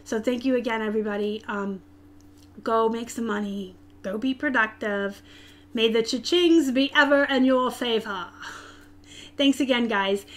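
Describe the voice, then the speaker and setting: A woman from Arizona with a light Southern US lilt hosts a relaxed live stream. She chats straight to her viewers and answers their comments as they come in, in a fairly high voice. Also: a little hiss or hum. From Tucson, Arizona, US. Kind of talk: casual live-stream chat.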